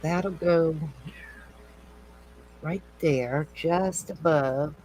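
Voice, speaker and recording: A woman's voice: sits low, drawn-out words, darkish tone, slight background noise, low-quality recording. A woman hosting a casual craft stream, chatty and encouraging as she talks through each step. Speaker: host. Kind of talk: casual chat during a craft demo.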